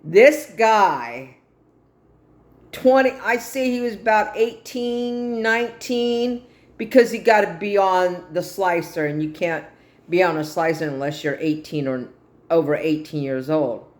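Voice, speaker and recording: A woman's voice: fairly low pitch, measured pace. A middle-aged woman earnestly telling a personal story and acting out the dialogue as she retells it. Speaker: guest telling her life story. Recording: roomy echo.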